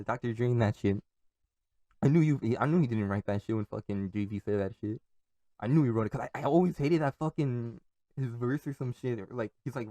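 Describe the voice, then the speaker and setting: A man's voice: medium pitch, darkish tone, dry recording. A young man from California, rambling on his own podcast, swearing a lot and laughing at his own stories. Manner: profane, rambling, laughs often. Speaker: podcast host.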